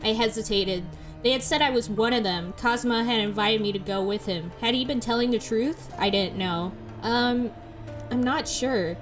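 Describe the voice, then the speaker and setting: A woman's voice: fairly high pitch, a little fast, over music. A woman playfully reading a visual novel aloud as a let's play host, often breaking into giggles. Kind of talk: narrating a visual novel, casual chat.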